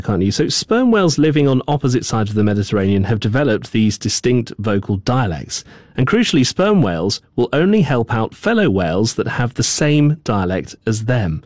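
Lively male news presenter, dry studio. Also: lowish voice, no echo.

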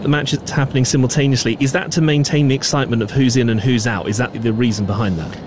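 A man presenting radio news in a conversational, lively way. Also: medium pitch, quick pace, noisy background.

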